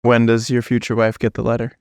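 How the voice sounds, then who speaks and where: A man's voice: mid-range voice, monotone, clear, resonant tone, no room sound. Man, podcast host, resonant voice, dry sound, thoughtful questions. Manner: reflective, thoughtful, measured. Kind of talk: interview questions.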